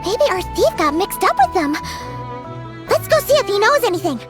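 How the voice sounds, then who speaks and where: A woman's voice: very high voice, very animated, normal speed. An actress playing a spirited young woman who runs a craft shop in a video game, talking in a blunt, cheeky way. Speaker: game character. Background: music.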